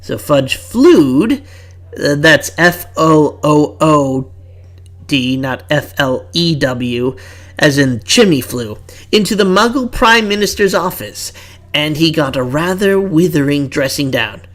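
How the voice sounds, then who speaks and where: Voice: medium pitch, unhurried, a bit bright. A fan fiction reader reading aloud with voices, chatty and breaking off for asides.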